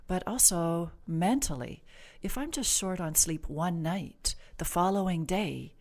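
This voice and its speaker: A woman clinician, a guest on the podcast, explaining stress and sleep in a measured, reassuring, gently instructive way. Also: sits low. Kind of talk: calm explanatory interview talk.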